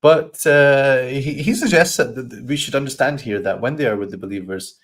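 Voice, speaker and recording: A man teaching a Quran study session, explaining verses with thoughtful pauses and reciting Arabic lines quickly. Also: medium pitch. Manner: thoughtful, stops to search for words, acts out voices in quoted lines.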